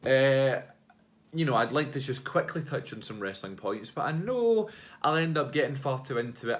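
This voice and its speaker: A man's voice: medium pitch, animated, normal speed. A man hosting a wrestling podcast, chatting casually on his own in a rambling way, full of fillers like "you know" and "like" and frequent self-corrections. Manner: loud, upbeat greeting at the start. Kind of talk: casual solo chat.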